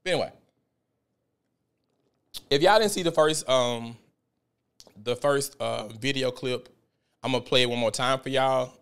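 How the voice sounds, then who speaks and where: A man's voice: medium pitch, unhurried, pauses often, a bit bright, clear, resonant tone. A man hosting a podcast, telling stories and ranting in a heated, profane, emphatic way. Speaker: podcast host. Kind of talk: casual ranting monologue.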